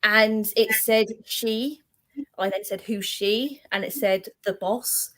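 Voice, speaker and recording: A woman guest on a chat show, telling paranormal stories in a lively way and acting out the dialogue. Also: medium pitch, slow pace, low-quality recording. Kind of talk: casual chat.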